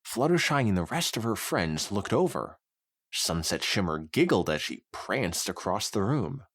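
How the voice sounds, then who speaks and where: A man's voice: on the low side, very animated, normal speed, a bit bright, slightly rough, no echo, studio quality. A man co-hosting a podcast, reading fanfiction aloud with wry banter and easy laughter. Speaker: podcast co-host and narrator.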